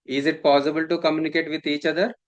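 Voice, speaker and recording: A man's voice: on the high side, little pitch movement, quick pace, highs cut off. A man, lecturing a class, repeating points and often asking the students if they follow. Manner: repetitive, checks understanding often. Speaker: instructor.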